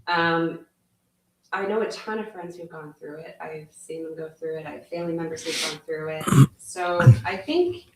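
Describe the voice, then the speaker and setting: Low-voiced young woman, roomy echo. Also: moderate pace. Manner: friendly and relaxed, soft-spoken with fillers. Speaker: physician assistant, guest. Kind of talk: casual interview answers.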